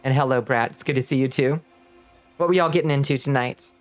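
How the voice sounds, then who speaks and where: A laid-back male streamer chats with his viewers mid-game, playful and quick to laugh. His voice sits at an ordinary middle pitch with a light drawl. Faint music plays behind him. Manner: playful, greets chat warmly, laughs often. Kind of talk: casual live-stream chat while gaming.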